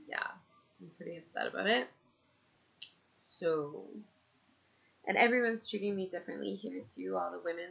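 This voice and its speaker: Slow, low-voiced woman venting. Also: creaky, a bit bright. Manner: frustrated venting, rambling with fillers. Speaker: vlogger and mother. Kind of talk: casual personal vlog.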